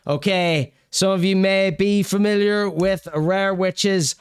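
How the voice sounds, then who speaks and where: A man's voice: high-pitched, fairly even intonation, slow pace, clean tone, no room sound, clean studio sound. A man hosting his podcast, introducing segments and plugging memberships in a jokey, upbeat way. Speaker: podcast host. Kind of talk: show intro and links.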